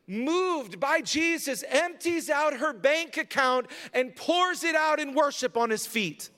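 A man's voice: extremely high pitch, a bit bright. Man, pastor, conversational sermon, emphatic, church sanctuary, long reverb. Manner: conversational preaching, rising to emphatic.

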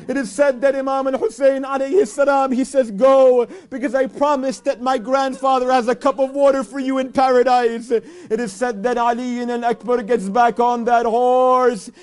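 A man preaching an emotional religious narration, rising to anguished cries and shouts. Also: extremely high pitch, clean tone. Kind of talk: emotional religious recitation sermon.

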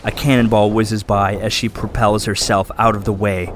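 A man's voice: on the low side, level tone, moderate pace, slight background noise. A man running a tabletop game as game master, narrating the scene in vivid detail. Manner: vivid descriptive storytelling.

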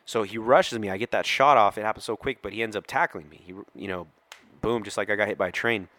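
A middle-aged man with a fairly low voice tells a story on a podcast, acting out every quoted line. The close mic sounds dry, with no room around it. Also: quick pace, no echo. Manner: animated storyteller who acts out quoted lines. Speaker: police officer guest telling a story.

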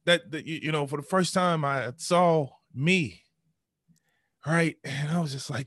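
A man in his thirties tells a deeply personal story as a podcast guest. He slips into animated, higher re-enactments of his own past voice, then settles back into a reflective tone. The recording is dry and close. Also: measured pace, no room sound.

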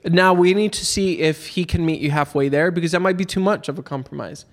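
A man's voice: a little high, brisk. A man co-hosting a podcast, arguing insistently in casual chat, often cutting in with repeated "no, no, no". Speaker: podcast co-host.

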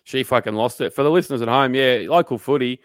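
A man's voice: mid-range voice, fast, no room sound, clean studio sound. A young adult man with an Australian accent, telling workplace stories on a podcast, swearing freely and mimicking coworkers. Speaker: podcast co-host. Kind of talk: casual storytelling chat.

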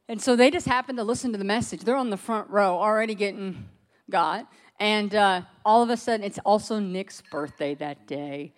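A middle-aged woman telling a personal story to a group, acting out what others said and laughing often. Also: medium pitch. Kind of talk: animated personal testimony.

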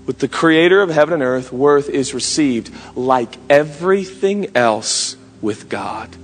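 A man in his thirties preaching a sermon with passion, his voice climbing to shouts and dropping to quiet asides. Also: medium pitch, expressive, measured pace. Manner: impassioned preaching, rising to shouts. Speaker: pastor. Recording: long hall reverb, music behind.

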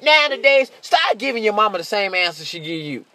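Man, stand-up comedian, high voice, profane, brash, laughs a lot. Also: sing-song, brisk, pushed and bright. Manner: slips into shrill mocking voices. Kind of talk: stand-up monologue.

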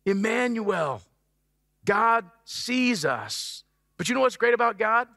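A pastor with a high, bright voice preaches in an animated, playful style, suddenly hitting key words with loud stress. He speaks a little slowly, and the close, dry sound is followed by a long trailing reverb.

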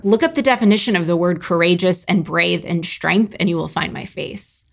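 A woman's voice: lowish voice, fairly quick, gravelly, hardly any pauses. A woman in her thirties hosting a solo podcast as a coach, talking candidly with profanity and self-mocking asides. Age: 30s. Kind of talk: casual solo podcast monologue.

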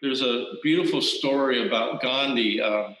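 A male Zen teacher gives a reflective dharma talk, often pausing and restarting his phrases. His voice is bright and slightly tense. The recording carries the echo of a roomy hall. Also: medium pitch. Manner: reflective, halting, many restarts and fillers.

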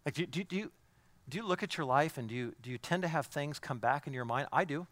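A man preaching a sermon to a congregation, asking them direct questions and swinging between hushed, near-whispered intimacy and raised, emphatic declarations. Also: a little high, animated, fast, no room sound. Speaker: pastor.

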